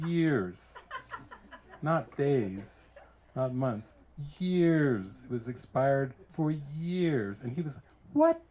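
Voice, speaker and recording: An American man, a spiritual teacher, giving an informal retreat talk full of lively personal stories, laughing often and acting out what others said. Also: medium pitch. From United States. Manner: animated storyteller who laughs often and acts out quotes.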